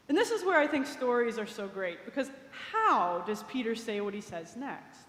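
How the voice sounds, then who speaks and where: A woman's voice: high voice, expressive, moderate pace, hardly any pauses. Woman preacher in an echoing cathedral. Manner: conversational, imaginative retelling with small asides. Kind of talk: storytelling sermon. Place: large cathedral. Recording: echoey cathedral with long reverb.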